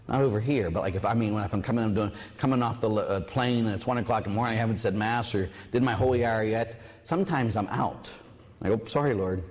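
A priest giving a sermon, telling a personal story with lively asides and acting out voices. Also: male voice, on the low side. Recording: long hall reverb.

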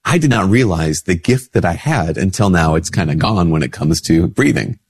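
A man's voice: lively intonation, moderate pace, husky, dry recording, studio quality. A man, a Catholic priest, giving a casual spoken reflection while a bit sick with a stuffy nose, acting out quoted replies in a lifted voice. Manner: conversational, acts out quoted replies in a higher voice.

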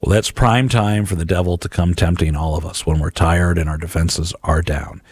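A middle-aged man reflects on scripture for a radio audience in a lowish, husky voice. He talks earnestly and conversationally, often restarting his sentences. The sound is dry and close, from a studio mic. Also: fairly even intonation, moderate pace, dry recording. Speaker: radio host.

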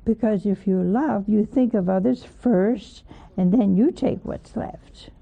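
A woman preaches in a folksy, gently questioning way, often tossing questions to her listeners. Her voice is gravelly and she talks unhurriedly. It sounds thin and tinny, like an old phone-line recording. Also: mid-range voice, unhurried. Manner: folksy, questioning, chuckling asides. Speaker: religious teacher. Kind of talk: informal sermon.

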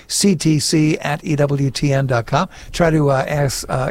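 A man hosts a radio program, reading out listener emails and signing off in a friendly tone. His voice sits a little high. Faint music plays underneath. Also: moderate pace, few pauses. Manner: friendly, reads listener emails and sign-offs. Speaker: radio show host. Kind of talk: radio hosting. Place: radio studio.

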